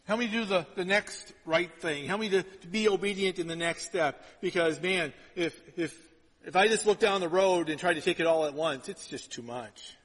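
A middle-aged pastor preaching a sermon, telling stories in an animated, conversational way with quick repeated restarts. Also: male voice, sits high. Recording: long hall reverb.

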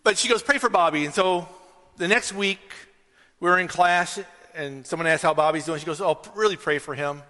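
A man's voice: fairly high pitch, a little fast, bright, forceful tone. A man preaching a conversational sermon, telling a story and then rising to emphatic questions. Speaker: pastor. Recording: reverberant hall.

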